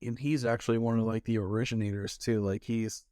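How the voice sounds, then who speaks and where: Smooth-voiced laid-back young man. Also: fairly low pitch, fairly even intonation, fairly quick, a little mellow, dry recording, clean studio sound. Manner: laid-back, profane, with fillers. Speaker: podcast co-host. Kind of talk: casual chat.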